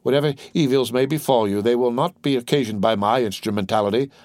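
A man reading a grave, measured priest. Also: medium pitch, a little mellow, no echo, natural voice. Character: calm, secretly shaken priest. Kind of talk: audiobook character reading.

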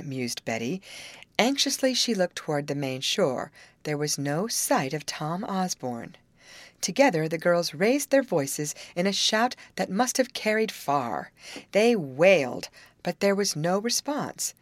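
A woman reading a children's novel aloud as scripted narration, in measured, expressive storytelling. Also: fairly low pitch, no echo. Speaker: audiobook reader.

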